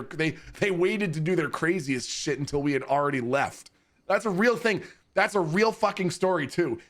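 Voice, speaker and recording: A man streaming from home and casually telling wild stories to his chat, swearing and laughing often. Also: on the high side. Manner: animated, profane, laughing between lines.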